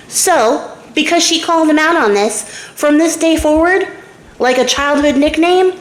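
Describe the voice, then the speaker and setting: Young woman retelling a fairy tale, kinda high voice, chatty and sweary, echoey room. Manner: chatty, irreverent, swears, acts out quotes. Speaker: storyteller and craft channel host.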